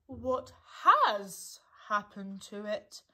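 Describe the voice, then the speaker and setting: A woman voicing a gloomy, mournful old male donkey, drawing out each word slowly. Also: sits high, sing-song, pushed and bright, voice pushed up, heavily acted. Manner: slow, drawn-out, gloomy delivery.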